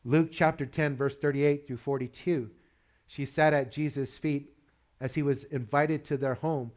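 A man's voice: on the high side, fairly even intonation, a little slow, a little mellow. Conversational man preaching a sermon. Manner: conversational preaching, chuckles, asks the room questions. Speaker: pastor.

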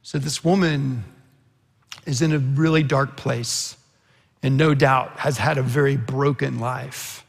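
A man's voice: medium pitch, steady tone, slow pace, creaky, breathy edge, long reverb tail. A man preaching a sermon, telling a scripture story earnestly and quoting its dialogue with rising intensity. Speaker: pastor.

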